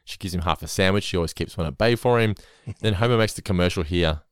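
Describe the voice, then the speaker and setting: A man co-hosting a podcast, chatting casually and getting animated, swearing when he's worked up. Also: sits low, quick pace, smooth, no room sound, studio quality. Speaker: podcast co-host. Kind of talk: casual chat recapping an episode.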